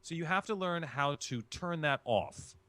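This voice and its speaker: A man's voice: fairly high pitch, expressive, a little slow, sharp tone. A man from Chicago, a guest in an interview, explaining voice acting in an emphatic way and repeating his key phrases. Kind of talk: instructive interview answers.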